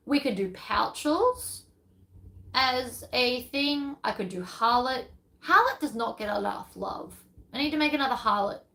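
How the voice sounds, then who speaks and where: A chatty woman hosts a casual live stream and thinks aloud as she goes. Her voice sits a little high. She rambles along, with plenty of ums and trailing half-thoughts. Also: fairly bright tone, poor audio. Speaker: sewing pattern designer hosting a live stream.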